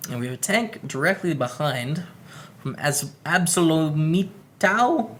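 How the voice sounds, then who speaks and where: A man's voice: mid-range voice, animated, normal speed, fairly bright tone, a little hiss or hum. A man with a Canadian English accent gives upbeat, chatty commentary on his poker hands while streaming live and greeting viewers by name.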